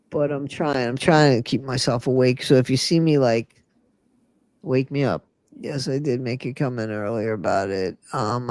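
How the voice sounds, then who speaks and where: A woman's voice: very deep voice, darkish tone, dry recording. An older woman co-hosting a casual livestream chat, sleepy after working nights and rambling as she talks. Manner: rambling, trails off, repeats herself. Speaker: co-host of a livestream chat show.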